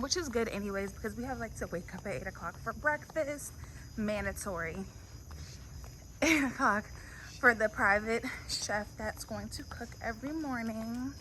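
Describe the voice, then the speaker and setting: A young woman vlogging on a walk, chatty and out of breath as she heads uphill. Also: medium pitch. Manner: chatty, walking uphill while talking. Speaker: travel vlogger. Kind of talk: casual vlog narration. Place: outdoors on a hillside street at night. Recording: outdoor noise with crickets.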